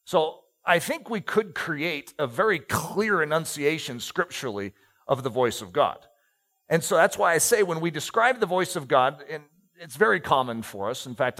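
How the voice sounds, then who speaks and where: A middle-aged man delivers a sermon in a somewhat high voice. He reads scripture aloud, leaning on key words and slowing for effect. Between passages he tosses in light asides to the congregation. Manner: expressive, slows and stresses key words, joking asides. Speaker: preacher. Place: church stage, handheld mic.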